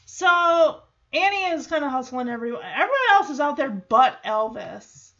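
A woman casually recapping a show, animated and often laughing. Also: sits high, moderate pace, muffled recording, soft background music. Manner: animated, laughing, acts out characters.

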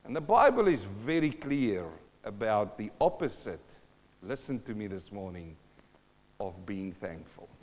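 A man's voice: lowish voice, very animated, measured pace, darkish tone, in a large hall, lo-fi sound. A middle-aged man preaching a sermon to a congregation, dramatic, asking questions and acting out sounds and voices. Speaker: pastor.

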